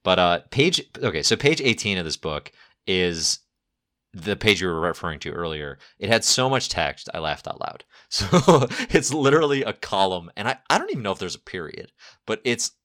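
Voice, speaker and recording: Deep voiced guy with a bright edge, excited casual podcast chat, laughs a lot. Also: normal speed. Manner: enthusiastic, laughs often. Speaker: podcast co-host discussing comics.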